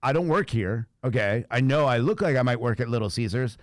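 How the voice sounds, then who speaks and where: A man's voice: mid-range voice, fairly quick, no echo, studio quality. A man hosting a radio show, telling a story in casual chat and acting out the people in it, often laughing. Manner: animated, acts out voices in his stories, laughs often.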